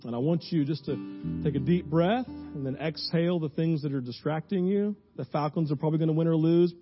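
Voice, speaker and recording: A man preaching a sermon to a congregation, with emphatic scripture reading that turns into slow, hushed prayer. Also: a little high, lo-fi sound, over music. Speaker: pastor. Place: church before a congregation.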